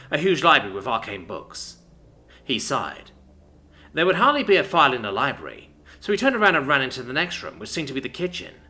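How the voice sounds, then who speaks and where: A man reading a story aloud in a dramatic, expressive narration. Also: mid-range voice.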